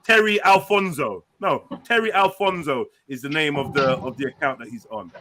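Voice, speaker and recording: Combative high-voiced man. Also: moderate pace, a crowd in the background. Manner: combative, repeats phrases, talks over others. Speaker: panelist in a live stream debate. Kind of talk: heated argument on a live call-in stream.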